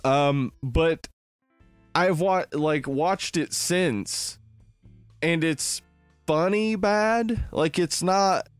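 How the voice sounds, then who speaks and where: A man's voice: a little high, very slow, clear, resonant tone, dry recording, soft background music. A man in his thirties co-hosting a podcast, rambling casually about films with lots of "like". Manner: rambling, many "like"s and restarts. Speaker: podcast co-host. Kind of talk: casual film-review chat.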